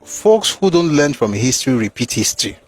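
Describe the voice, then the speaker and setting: A man's voice: mid-range voice, big pitch swings, fairly quick, breathy edge, faint music behind. A man reading passages from a war memoir aloud and breaking off with mocking, emphatic asides.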